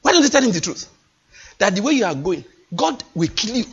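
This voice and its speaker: A man preaches with fervor, his voice high and swinging widely in pitch. He leans on his points and repeats phrases for emphasis, with a husky edge. The recording is dull and lo-fi. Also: very animated, fairly quick. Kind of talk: sermon.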